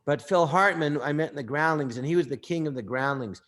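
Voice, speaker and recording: Animated storytelling man, fairly high voice. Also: brisk. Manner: animated, slips into impressions of people he quotes. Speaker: actor and comedian guest. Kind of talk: casual anecdotal storytelling.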